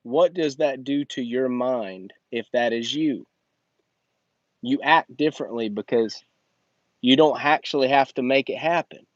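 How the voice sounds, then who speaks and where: A man's voice: mid-range voice, measured pace. A man delivers a blunt, emphatic motivational talk in a mid-range voice, preaching straight at his listener like a coach. The sound is dry, with no room echo. The recording is dull and lo-fi. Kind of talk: motivational monologue.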